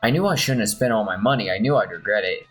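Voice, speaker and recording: A man's voice: lowish voice, animated, fast, poor audio. A man playing a role-playing game, chatting casually and poking fun at himself while reading game text aloud. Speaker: gamer playing on stream. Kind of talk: casual gameplay commentary. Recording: faint game music behind.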